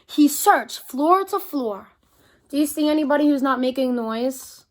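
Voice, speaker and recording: Animated high-voiced storybook reader. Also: female voice. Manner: animated, expressive, talks to young listeners. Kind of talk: reading a picture book aloud to children.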